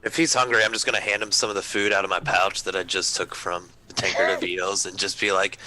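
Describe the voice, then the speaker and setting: A man at a tabletop game talks in an easygoing, joking manner. His voice sits low, yet its tone is extremely bright and cutting. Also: little pitch movement, fast talker, hardly any pauses, poor audio. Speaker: player. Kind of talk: casual tabletop role-play.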